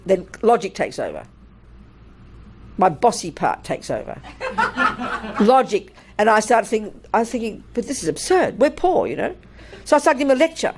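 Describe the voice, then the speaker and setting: An older woman, a Buddhist nun, giving a dharma talk in a blunt, animated way and laughing through her stories. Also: mid-range voice.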